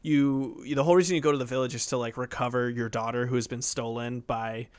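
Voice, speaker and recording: A man's voice: medium pitch, fairly even intonation, fast, clear, resonant tone. A young man co-hosting a podcast in casual chat, rambling with lots of fillers and cursing. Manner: rambling, lots of fillers, swearing, puts on goofy voices. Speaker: podcast co-host.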